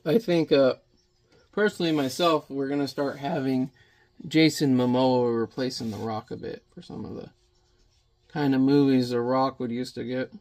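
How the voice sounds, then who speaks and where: Man, gravelly voice, casual painting vlog, rambles, mutters to himself while working. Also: mid-range voice, steady tone, moderate pace, a little mellow. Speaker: watercolor painting vlogger.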